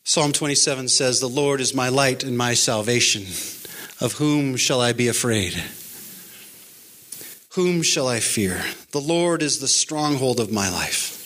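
A man's voice: medium pitch, a little slow, a bit bright, slight background noise. A man delivering an earnest, encouraging sermon as a pastor, quoting scripture along the way. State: pandemic-era address.

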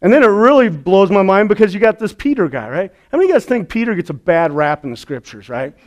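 A man preaching a lively, conversational sermon, often checking in with the congregation. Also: high-pitched, fast talker, highs cut off. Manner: energetic, conversational preaching with frequent "right?" asides. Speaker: pastor.

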